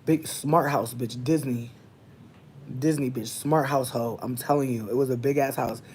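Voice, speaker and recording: A vlogger ranting casually to camera at home, swearing constantly and telling a story with big swings from muttering to loud bursts. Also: medium pitch, steady tone, moderate pace, slight background noise. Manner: profane, heavy swearing. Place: indoors, at home near a window.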